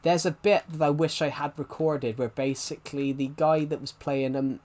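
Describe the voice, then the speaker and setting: A man's voice: a little high, fairly even intonation, normal speed, darkish tone. A young man in his twenties chatting casually on a live game stream, rambling and restarting his sentences as he talks. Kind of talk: casual live-stream chat while playing.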